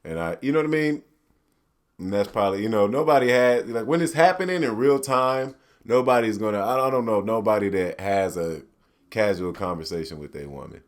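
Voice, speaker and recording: A man hosting a podcast, ranting casually in a profane, animated way and slipping into mock quotes. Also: fairly low pitch, brisk. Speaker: podcast host. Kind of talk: solo ranting commentary.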